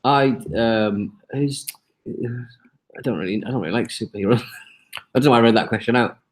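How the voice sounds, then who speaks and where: A man's voice: medium pitch, moderate pace. Tired male co-host of a live stream; dry, teasing banter. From Hartlepool, England.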